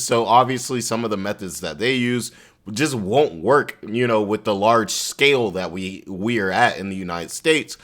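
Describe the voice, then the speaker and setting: A man's voice: lowish voice, a bit bright. Chatty man giving casual commentary. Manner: chatty, loose, repeats "you know what I'm saying". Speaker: business news commentator. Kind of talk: casual commentary reacting to a video.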